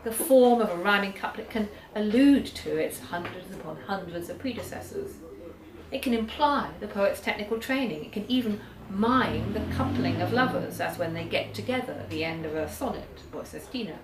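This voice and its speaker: A woman giving an academic lecture on poetry, measured, reading poems aloud slowly, recorded from a distance in a lecture hall. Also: medium pitch, expressive, crowd noise. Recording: echoey hall, far from the mic, audience.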